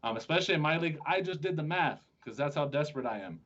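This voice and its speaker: A man's voice: fairly high pitch, animated, fast, a bit bright. A man hosting a sports podcast, chatting casually and joking with his co-host, often restarting his sentences. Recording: dull lo-fi sound.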